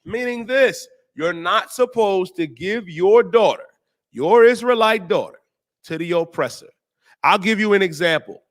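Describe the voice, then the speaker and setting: A man hosting a talk show, preaching on scripture in slangy, emphatic speech and drawing out the verses slowly. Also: sits high, lively intonation. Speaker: host and teacher.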